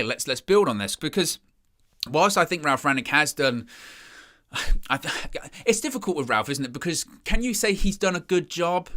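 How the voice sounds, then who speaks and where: A man's voice: medium pitch, sharp tone. A young man hosting a live match watchalong, chatting casually and reading out viewer comments with a self-deprecating, rambling manner. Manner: rambling with frequent restarts and "you know". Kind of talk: casual live-stream chat.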